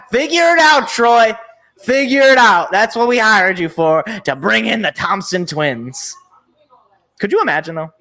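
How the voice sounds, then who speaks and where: A man's voice: high-pitched, pushed and bright. A young man hosting a sports show, reacting live with exasperated, sarcastic, rambling commentary. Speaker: sports podcast host.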